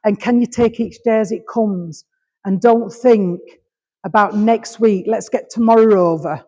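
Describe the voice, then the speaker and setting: Warm and medium-pitched, the voice of a Rotherham medium with a Yorkshire accent moves at a measured pace as she gives messages to a village hall crowd. Darling, sweetheart and "all right?" come after almost every thought. The hall's reverb is long.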